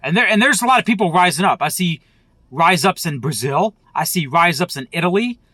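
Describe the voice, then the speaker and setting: High-pitched man in a profane rant. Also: lively intonation, a little fast, bright, forceful tone, no room sound. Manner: profane, heated, repetitive. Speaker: vlogger. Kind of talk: angry political rant.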